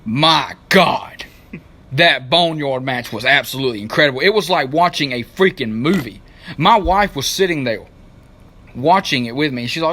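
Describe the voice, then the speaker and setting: Excited man recapping wrestling. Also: medium pitch, moderate pace. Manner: animated, rambling, searches for names. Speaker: wrestling talk show co-host.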